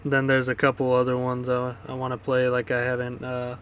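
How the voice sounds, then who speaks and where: A man's voice: medium pitch, completely flat delivery, fairly quick, fairly bright tone, slight background noise. A man co-hosting a music podcast, rambling casually with loose swearing and many fillers. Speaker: podcast co-host. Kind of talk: casual chat.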